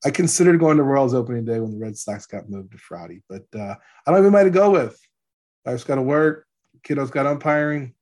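A man's voice: mid-range voice, animated, fast talker, a little mellow. Eager man talking sports. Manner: enthusiastic, stammering restarts. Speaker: podcast co-host, coach. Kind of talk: casual sports chat.

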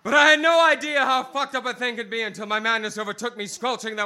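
A man with a high, very bright and cutting voice performs a slam poem on a live bar stage. He is theatrical, lurching from shouted bursts down to near whispers. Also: fairly even intonation, quick pace, few pauses. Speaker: slam poet.

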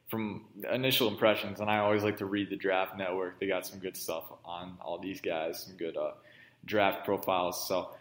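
A man's voice: low voice, fairly bright tone. A man hosting a casual sports podcast, talking in a rambling way with many restarts and fillers. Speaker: podcast host. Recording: echoey room.

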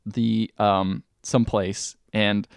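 A man's voice: lowish voice, little pitch movement, slow, gravelly, clear, resonant tone, dry recording, clean studio sound. A man on a podcast casually recapping a film, acting out the characters' lines as he goes. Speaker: podcast host.

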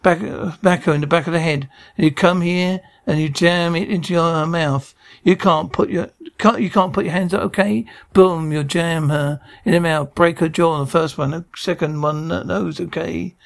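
An actor playing a brash, impatient film director who gives blunt, graphic directions to actors in a sitcom. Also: male voice, fairly high pitch, fairly even intonation, moderate pace, creaky, hardly any pauses. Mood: commanding. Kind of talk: sitcom acting.

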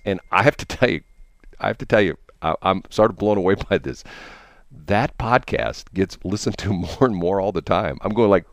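A middle-aged man hosts a morning radio show with a very low, deep voice. He rambles through anecdotes stuffed with fillers and asides. The studio mic sounds close and dry. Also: no room sound. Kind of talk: casual on-air chat and storytelling.

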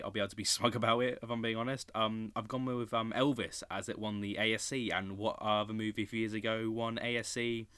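A young man giving opinionated live reaction commentary on an awards show, excitable and prone to loud outbursts. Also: lowish voice, dry recording.

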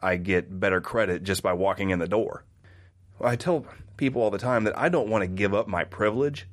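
A man's voice: on the low side, brisk. A man from the American Midwest, a guest in a casual conversation, telling stories animatedly. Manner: animated storyteller who acts out quoted voices.

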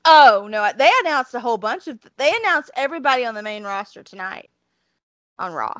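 A woman's voice: fairly high pitch, expressive, brisk, a bit bright, no echo. A woman with a Southern accent chatting casually as a podcast co-host, emphatic and full of restarts. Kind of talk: casual chat about wrestling.

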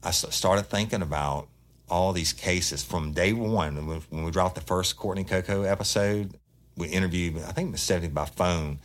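A man's voice: deep voice, moderate pace. A man hosting a true crime podcast, talking bluntly and heatedly in a casual monologue, swearing freely.

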